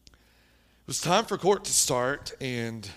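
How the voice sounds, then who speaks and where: A man preaching a sermon, telling a story with lively shifts between hushed and loud delivery. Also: medium pitch, slow. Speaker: pastor.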